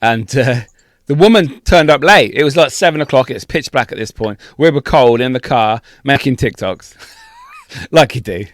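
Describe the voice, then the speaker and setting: A man co-hosting a podcast, telling a travel story in a sweary, laughing, animated way. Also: medium pitch, normal speed, dry recording, clean studio sound. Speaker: podcast co-host. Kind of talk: casual storytelling chat.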